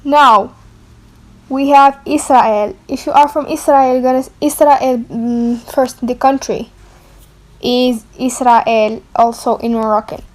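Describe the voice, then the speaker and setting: A woman gives a beginner language lesson at an unhurried pace. Her voice sits a little high, and she repeats each new word slowly and clearly so learners can copy it. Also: steady tone. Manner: slow, careful, repeats words for learners to copy; writes on a board while explaining. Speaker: language teacher.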